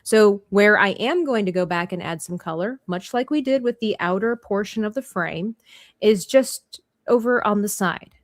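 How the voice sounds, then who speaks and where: A woman hosts a casual coloring tutorial with a middle-pitched voice. She chats freely and breaks into laughter often. The sound is close and dry, with no room around it. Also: animated, normal speed, no room sound. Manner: chatty, playful, laughs often. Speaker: livestream host and art teacher.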